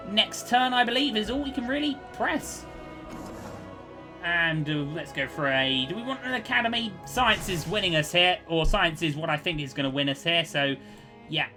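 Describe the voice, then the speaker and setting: A man's voice: a little high, sharp tone. A man giving cheerful, chatty commentary over his own strategy gameplay, thinking aloud as he plays. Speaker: let's play host.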